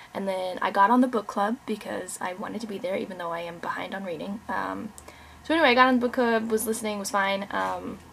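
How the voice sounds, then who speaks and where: A woman's voice: medium pitch, vocal fry, a bit bright, slight background noise. A young adult woman, an author, chatting candidly at home in a rambling vlog with many fillers and restarts. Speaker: author and vlogger. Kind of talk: casual vlog chat.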